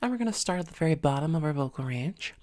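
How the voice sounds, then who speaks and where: A woman with a low, mellow voice leads a voice lesson, talking it through loosely with plenty of fillers. She sits close to the microphone in a dry room. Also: quick pace, no room sound. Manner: relaxed, hesitant with many fillers. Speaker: voice coach. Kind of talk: instructional voice lesson.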